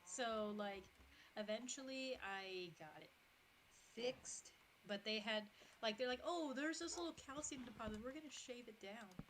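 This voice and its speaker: A woman in her thirties chatting on a game stream, telling stories in an animated way and acting out what people said. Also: on the high side, a little slow, a little hiss or hum, poor audio. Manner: animated, chatty, acts out quotes. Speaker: streamer, military veteran. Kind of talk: casual storytelling on a game stream.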